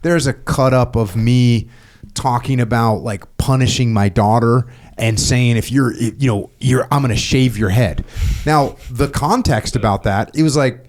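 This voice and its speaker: A man's voice: medium pitch, measured pace. A middle-aged man hosting a podcast, talking casually and rambling, acting out quoted dialogue as he goes. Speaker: podcast host. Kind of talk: casual conversation.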